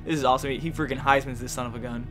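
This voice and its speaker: A young man doing rambling, joking commentary while playing a video game, often yelling at it. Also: mid-range voice, steady tone, racing, music in the background. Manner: goofy, rambling, yells and jokes at the game. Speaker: gaming YouTuber. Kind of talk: let's play commentary.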